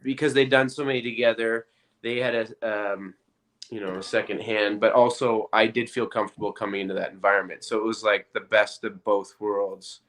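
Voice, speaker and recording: A man's voice: lowish voice, little pitch movement, brisk, a bit bright. Easygoing man chatting as a guest. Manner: easygoing, rambling with many fillers. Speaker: actor guest. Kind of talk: casual interview chat.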